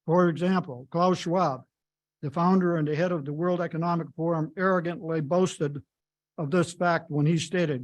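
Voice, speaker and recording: A man's voice: fairly high pitch, steady tone, normal speed. Emphatic man reading a public comment. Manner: emphatic, reads from a script with small stumbles. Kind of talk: prepared public comment read aloud. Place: public meeting room.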